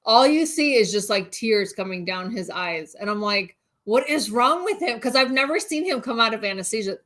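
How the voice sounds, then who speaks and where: A woman's voice: medium pitch, a little fast. A woman co-hosting a casual livestream, telling a story with lots of laughter and reading out viewer comments. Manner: animated, laughs through the story. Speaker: channel co-host.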